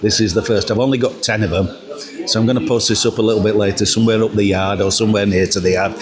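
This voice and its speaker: A middle-aged man rambles cheerfully to camera while walking up old stone steps outdoors. His voice sits low and easy. He tells jokes and fills pauses with ums, and passers-by chatter clearly around him through the windshielded camera mic. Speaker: vlogger. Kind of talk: casual walking vlog. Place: outdoors, windy steps and narrow yards.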